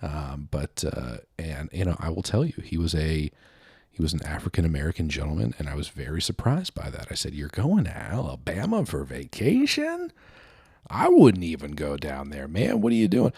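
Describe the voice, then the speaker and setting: A deep-voiced man hosts his own podcast with no plan, wandering from one thought to the next and poking fun at himself. He sounds a little out of breath. His voice is close and dry, with almost no room sound. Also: lively intonation, brisk, warm tone, slightly rough, no room sound. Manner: rambling, self-mocking, laughs at own jokes. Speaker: podcast host. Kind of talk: unscripted solo chat.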